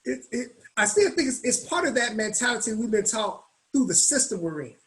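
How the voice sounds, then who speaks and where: A man speaking as a guest at a business meetup, telling stories in a lively, colloquial way and acting out the voices of the people in them. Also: very high voice, fairly quick, low-quality recording. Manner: animated, colloquial, acts out quoted voices. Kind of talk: storytelling in a business meetup talk.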